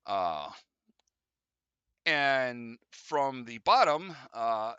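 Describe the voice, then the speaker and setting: A man in the game master's seat, talking through the scene with lots of "uh"s and restarts. His voice is bright and forward, and it sounds close and dry with no room around it. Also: medium pitch, sing-song, drawn-out words, clean tone, no room sound, dull audio. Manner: rambling, full of fillers and restarts, voices the figures lightly. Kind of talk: narrating a tabletop game.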